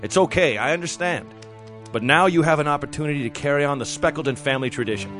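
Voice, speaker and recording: A man's voice: a little high, fast, over music, lightly acted. A man playing a tired middle-aged masked-hero father in a comedy sketch, coaxing and matter-of-fact.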